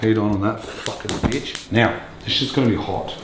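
A man's voice: lowish voice, moderate pace, reverberant, noisy background. An Australian man hosting a casual cooking show, joking crudely and swearing constantly as he cooks in a kitchen. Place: home kitchen.

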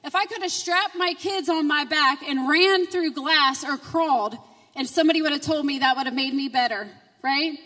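A middle-aged woman giving an emotional personal testimony at a church conference, moving from quiet storytelling to loud, fervent preaching. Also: high-pitched, moderate pace. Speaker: conference speaker. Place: church sanctuary. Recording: reverberant hall, distant mic.

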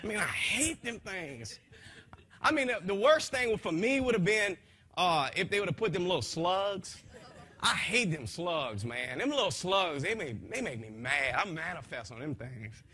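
A man giving an impassioned spoken testimony to a gathering in a folksy, rambling way, his voice swinging from soft to loud. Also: high-pitched, sing-song, moderate pace. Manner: folksy, rambling, with frequent restarts.

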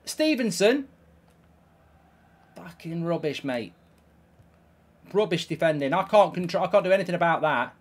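A man's voice: fairly high pitch, animated, moderate pace, pauses often. A man with a heated, swear-filled delivery, hosting video game commentary. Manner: exasperated, swears often. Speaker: host.

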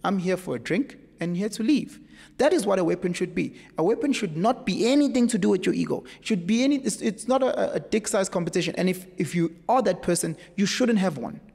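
A man with a South African accent, speaking as a podcast guest in an emphatic, animated storytelling way. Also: sits high, a little fast, creaky, husky. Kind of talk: casual conversation. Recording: echoey room with long reverb.

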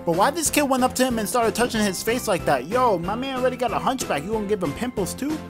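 A man's voice: extremely high pitch, lively intonation, fast talker, music in the background. A man doing comedic play-by-play commentary over a film, joking and slangy. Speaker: comedic sports-style commentator.

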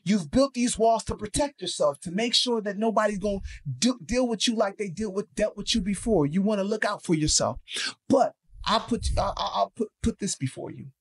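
A man with a slightly high voice talks on a faith podcast, shifting between slow, emphatic preaching and quick, slangy storytelling. His delivery is animated and conversational. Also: slightly rough. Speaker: podcast co-host.

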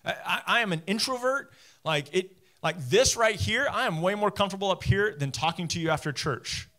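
A man's voice: high voice, fairly quick. A man preaching a sermon from a church stage as the teaching pastor, talking straight to his listeners with self-deprecating humor. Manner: conversational, animated, talks straight to listeners.

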